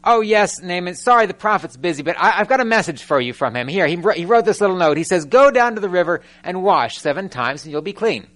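Apologetic servant, flustered and hurried, voiced up a bit higher by a preacher; quick, eager male voice. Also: lively intonation, fairly bright tone.

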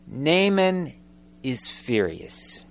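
A man preaching a sermon, telling the story with animated storytelling and firing rhetorical questions at the congregation. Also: on the high side, drawn-out words. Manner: animated storytelling, acting out scripture characters.

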